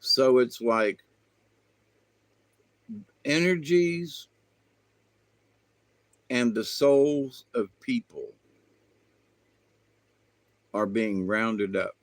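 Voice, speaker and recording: A man's voice: medium pitch, extremely slow, pauses often, no echo. A man hosting his own spiritual channel, talking in a meandering, folksy way with lots of fillers. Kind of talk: rambling spiritual monologue.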